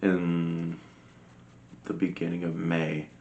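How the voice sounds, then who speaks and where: A man's voice: sits low, monotone, slow, a little mellow, muffled recording. A man chatting casually as a podcast guest, blunt and laughing often, with freely dropped swear words. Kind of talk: casual chat.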